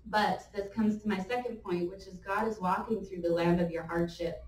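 A woman giving a conversational sermon, telling the story in a lively way with laughing asides. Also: mid-range voice, moderate pace, slight background noise. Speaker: church speaker. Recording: echoey room, mic at a distance.

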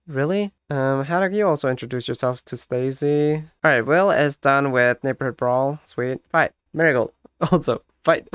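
A let's play host giving casual gameplay commentary, chatty and quick to laugh, telling game characters what to do. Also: mid-range voice, smooth, no echo, studio quality. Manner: laughs often.

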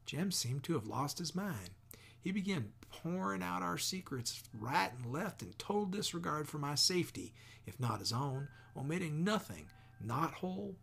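A man reading a novel aloud in a steady, measured narration. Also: on the high side, creaky, husky. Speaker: audiobook reader. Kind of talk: scripted narration.

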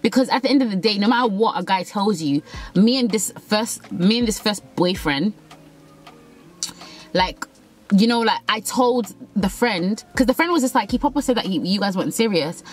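Young woman in her twenties, casual confessional vlog storytelling, blunt and animated with quotes, mid-pitched. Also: moderate pace, rough recording. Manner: candid, swearing, acts out quotes. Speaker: vlogger.

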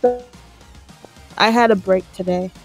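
A woman's voice: medium pitch, gravelly. Teasing woman co-caster on a fighting game stream, casual, bit of music behind. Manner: playful, teasing, talks in quick bursts. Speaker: esports co-commentator. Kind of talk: casual color commentary and chat.

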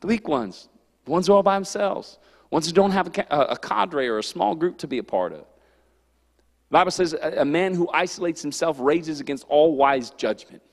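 High-voiced animated youth pastor in a hall. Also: male voice, normal speed. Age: adult. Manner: animated, storytelling with acted-out quotes. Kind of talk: youth sermon. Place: church sanctuary. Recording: church hall reverb.

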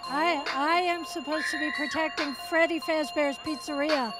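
A woman's voice: sits high, steady tone, moderate pace, over loud music, low-quality recording. A woman at a festival with her son, giggly and a bit flustered in casual chat. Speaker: event visitor, mother. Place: outdoor park festival.

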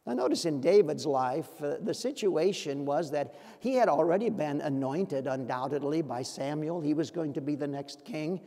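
A man preaching in a church sanctuary, his voice pitched high for a man. He speaks earnestly and keeps asking his congregation pointed questions. A long reverb trails each phrase. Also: a little mellow. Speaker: pastor. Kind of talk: sermon.

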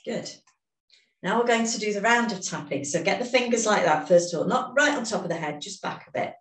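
A woman leading a guided emotional tapping session, giving calm step-by-step instructions and phrases to repeat. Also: medium pitch, a little fast. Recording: echoey room, distant mic.

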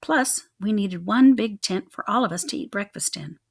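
A young adult woman reading a children's chapter book aloud in an expressive, rhythmic way. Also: medium pitch, moderate pace. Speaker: reader.

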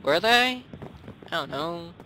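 Excitable giggly guy gaming. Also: high-pitched, takes it slowly, a little hiss or hum. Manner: giggly, excitable, laughs often. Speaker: gamer, co-host. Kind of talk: casual let's play chat.

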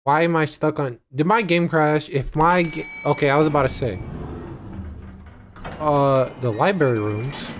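A young man playing a horror game and commenting, jumpy and excitable, yelling when startled. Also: fairly high pitch, a little slow, soft background music. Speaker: gaming channel host.

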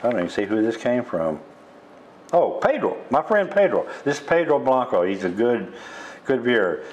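A man's voice: medium pitch, sing-song, normal speed, darkish tone, muffled recording, slight background noise. An older man from the United States hosting a casual interview in an insurance office, friendly and rambling, often repeating himself. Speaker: host.

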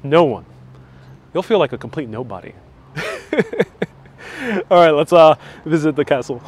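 A man's voice: a little high, animated, fairly quick. A man hosting a live travel stream outdoors, chatting and joking as he answers viewer comments, on a clip-on mic. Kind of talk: casual live-stream chat while walking. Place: outdoors on town streets. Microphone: wireless clip-on mic.

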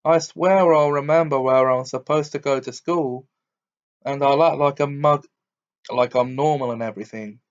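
A man's voice: medium pitch, steady tone, normal speed, highs cut off, lightly acted. A man reading aloud and voicing a teenage boy who answers back bitterly and coldly. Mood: defiant. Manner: bitter, cold, grimly defiant. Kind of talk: audiobook character reading.

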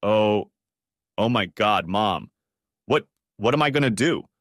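A man's voice: fairly low pitch, animated, slow, fairly bright tone, no room sound, clean studio sound. A man voicing a distressed young bride who stammers through tears in an audiobook story.

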